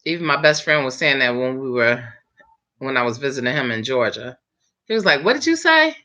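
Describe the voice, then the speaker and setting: A woman's voice: rumbling low, fairly quick, bright, forceful tone. A woman who does hair, hosting a casual live chat and talking straight to her viewers with a chatty, laughing manner. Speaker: live chat host, hairstylist. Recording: dull lo-fi stream audio.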